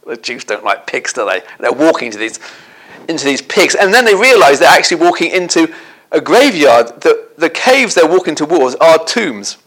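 Retelling a Bible story as an animated sermon, a man with a fairly high-pitched voice talks at normal speed. He keeps checking in with listeners through tag questions.

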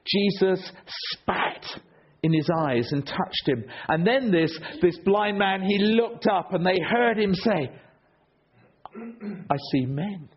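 A man preaching a sermon, telling stories with a rhetorical delivery that swings between loud and hushed. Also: high voice, takes it slowly. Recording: dull lo-fi recording.

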